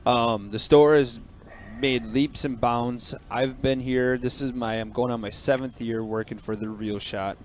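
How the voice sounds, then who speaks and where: A man hosting a fishing store's livestream in casual live commentary, upbeat with quick bursts of excitement, with a frog in his throat. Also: mid-range voice, slight background noise.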